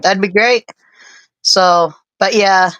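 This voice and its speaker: A woman's voice: mid-range voice, steady tone, takes it slowly, fairly bright tone, no echo, poor audio. Chatty, rambling woman on a live stream. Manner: chatty, rambling, self-deprecating humor. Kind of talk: casual chat on a live stream.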